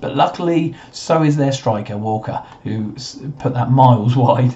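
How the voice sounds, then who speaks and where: A young man with a slightly croaky voice commentates his own football management game, muttering and then bursting into cheers at the screen. His voice is dark and mellow. The recording is a little dull and muffled. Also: mid-range voice, moderate pace. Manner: excitable, swings between muttering and cheering at the screen. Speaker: gaming commentator. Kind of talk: casual let's-play commentary.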